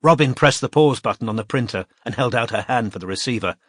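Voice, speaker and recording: A man reading a detective novel aloud as audiobook narrator, in a measured storytelling manner. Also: mid-range voice, a bit bright, breathy edge, no echo, clean studio sound. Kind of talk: scripted narration.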